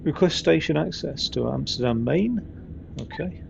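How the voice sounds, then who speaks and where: A man's voice: a little high, animated, normal speed, creaky, muffled recording, noisy background. A man casually commenting while playing a train simulator, rambling, swearing now and then and chuckling at his own stories. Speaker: game streamer.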